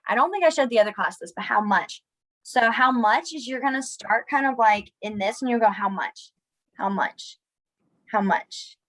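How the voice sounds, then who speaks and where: A young woman with a medium-pitched voice teaches a casual online sign language class, captured on a rough recording. She's chatty and self-deprecating, getting animated whenever students try signs.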